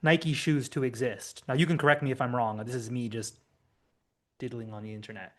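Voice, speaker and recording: A man hosting a podcast in a relaxed, easygoing way, often affirming his guest. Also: medium pitch, a little fast. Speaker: podcast host. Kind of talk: casual podcast chat.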